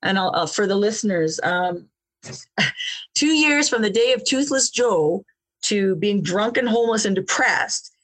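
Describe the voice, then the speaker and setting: A woman guest telling her life story in an interview, animated, often repeating words and laughing between phrases. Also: medium pitch, measured pace. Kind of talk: personal storytelling in conversation.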